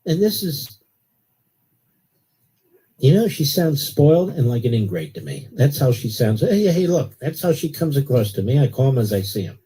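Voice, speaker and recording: A man's voice: medium pitch, very animated, normal speed, dark tone, slightly rough. An older man hosting a talk radio show, delivering an indignant, sarcastic monologue.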